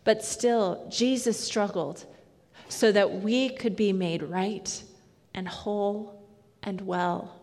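A woman preaching a sermon in a slow, measured, reflective way. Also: medium pitch, darkish tone. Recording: long hall reverb.

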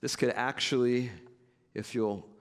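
A man preaching a sermon as pastor, earnest and measured with conversational asides. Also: medium pitch, steady tone, clear, resonant tone, long reverb tail.

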